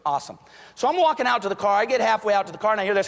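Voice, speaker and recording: Male keynote speaker, lively storyteller, slightly high voice, long hall reverb. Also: rapid-fire. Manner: storytelling, acts out quoted voices. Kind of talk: motivational keynote speech.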